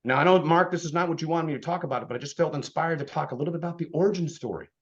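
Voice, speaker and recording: A man's voice: a little high, racing, highs cut off. Fired-up man preaching to his team. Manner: blunt, fired-up, preachy, swings between loud and hushed. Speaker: insurance agency leader speaking to his team. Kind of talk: motivational talk.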